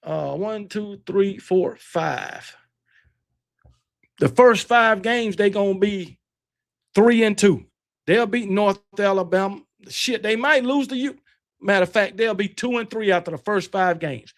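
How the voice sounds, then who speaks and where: High-voiced man chatting football. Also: unhurried. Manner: rambling, self-correcting, talks back to chat; boastful sports banter. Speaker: livestream host. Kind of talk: casual chat with live viewers.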